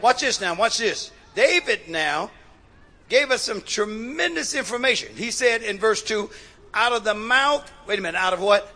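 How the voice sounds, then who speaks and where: Man preaching, very high voice, bright and forceful, call-and-response sermon, loud then hushed. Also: animated, normal speed. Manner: swings between shouting and hushed delivery. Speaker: pastor.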